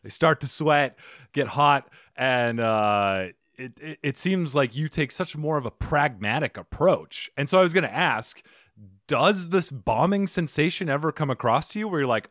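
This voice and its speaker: A man's voice: on the high side, animated, moderate pace, fairly bright tone, no echo, clean studio sound. A male podcast host asking long, winding questions in an enthusiastic, casual way. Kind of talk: casual interview.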